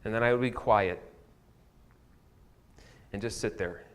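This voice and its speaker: A man's voice: fairly low pitch, measured pace, fairly bright tone, clear, resonant tone. Candid storytelling male pastor. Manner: candid, personal storytelling, self-deprecating. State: tearful at times. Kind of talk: sermon. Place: church sanctuary.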